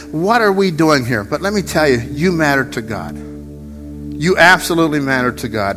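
A man's voice: a little high, a bit bright. A man preaching a sermon as pastor, earnest, repeating his phrases and asking the congregation to say lines with him. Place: church sanctuary. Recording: long hall reverb with faint music.

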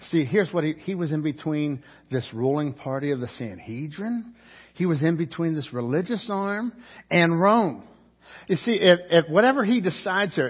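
A man's voice: a little high, breathy edge, lo-fi sound. A man preaching a sermon as pastor, telling the story vividly and acting out the characters' lines.

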